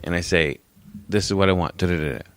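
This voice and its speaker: A man's voice: low voice, steady tone, fast talker. A man in his forties co-hosting a casual podcast, telling stories animatedly, swearing freely and acting out quotes. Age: 40s. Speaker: podcast co-host. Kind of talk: casual chat.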